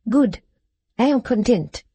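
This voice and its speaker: A woman voicing an intense young French lady's maid in an audiobook, speaking in a low, subdued, earnest way with a French accent. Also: lively intonation, slow, mellow, breathy edge, no room sound, full character voice. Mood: earnest pleading. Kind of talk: audiobook character voice.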